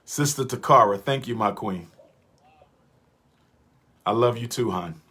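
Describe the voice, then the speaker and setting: A man speaks to his livestream audience in a rousing, preacher-like cadence, hammering each point home by saying it twice. His voice is husky and a little breathy, sitting at an ordinary mid pitch. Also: measured pace, bright, forceful tone. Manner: preacher-like, repeats lines for emphasis. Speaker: livestream host. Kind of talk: impassioned livestream lecture.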